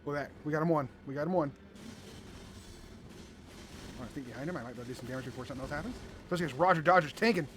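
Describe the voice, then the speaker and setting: Male gamer host, high and bouncy voice, playful running commentary, slight background hiss. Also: very fast, long pauses. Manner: playful, animated, exclaiming often. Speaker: gaming video host. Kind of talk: excited gameplay commentary.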